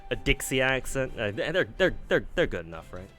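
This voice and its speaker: A man's voice: mid-range voice, very animated, normal speed, sharp tone, soft background music. A man casually commenting on a game he reads aloud, laughing at himself and swearing freely. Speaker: streamer reading a game aloud.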